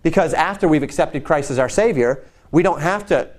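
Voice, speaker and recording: A man's voice: fairly high pitch, brisk. A man teaching from the Bible in a conversational, storytelling way, often repeating words as he goes. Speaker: preacher.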